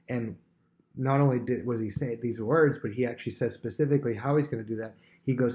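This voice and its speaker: A man teaching a Bible lesson to students, telling the story in a lively way and acting out the characters' words. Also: medium pitch, fairly quick. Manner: animated storyteller who acts out quotes.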